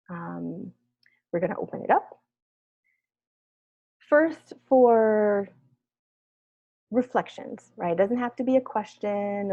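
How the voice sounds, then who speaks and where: A woman therapist leading a wellness workshop discussion, speaking gently and reflectively and often checking in with "right?". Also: on the low side, no echo. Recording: dull lo-fi video call audio.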